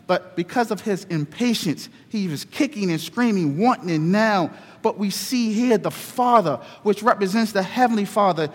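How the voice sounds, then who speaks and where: A male pastor giving a sermon, telling a story slowly and deliberately. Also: high-pitched, expressive. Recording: reverberant hall.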